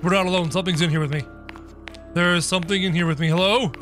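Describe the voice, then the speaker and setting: A man doing excitable, jokey game commentary, yelping and shouting as he plays. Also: high-pitched, fast, music in the background. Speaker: gaming channel host. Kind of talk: game commentary, playing in character.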